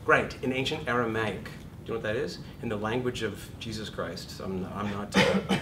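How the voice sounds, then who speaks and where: A middle-aged man lecturing an acting class, animated and jokey, acting out inner voices as he talks. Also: lowish voice, brisk. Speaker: acting teacher. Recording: echoey room, far from the mic, noisy.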